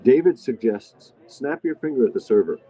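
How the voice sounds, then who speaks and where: A middle-aged man runs a casual live stream from a diner, eating while he rambles and answers viewers' comments. He speaks at normal speed in an animated, medium-pitched voice. The audio is dull and lo-fi, with faint music.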